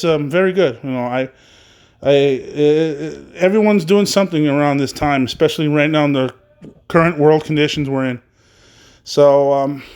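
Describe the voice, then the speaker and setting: Rambling podcast host, a man with a fairly high voice. He runs through the news in a loose, casual way, full of "um"s and the odd curse word. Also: darkish tone. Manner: rambling, loose, swears casually, many fillers.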